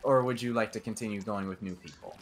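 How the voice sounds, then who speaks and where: A man's voice: on the low side, fast, a little hiss or hum. A man co-hosting a gaming session, chatting animatedly and joking at his own expense. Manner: animated, self-mocking. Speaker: co-host gamer. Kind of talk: casual gaming chat. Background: game music.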